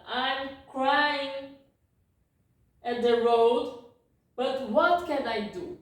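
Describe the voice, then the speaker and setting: A woman's voice: high voice, extremely slow, pauses often. A woman whose first language is Portuguese gives a casual language lesson. She repeats words, corrects herself, apologizes and keeps checking in with "ok?". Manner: self-correcting, apologetic asides. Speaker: language teacher. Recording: very echoey room, distant mic.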